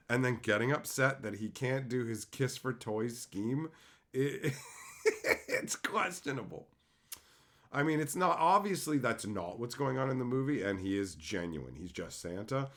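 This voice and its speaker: Worn out from dental work, a Canadian streamer chats casually, joking around and reading messages from viewers as he rambles. His voice is medium in pitch and fairly bright.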